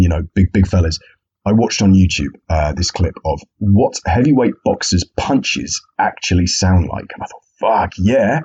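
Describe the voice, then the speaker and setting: Husky, jokey male podcast host. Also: fairly low pitch, dark tone, highs cut off. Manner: jokey, rambling, swears freely. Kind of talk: casual solo podcast chat.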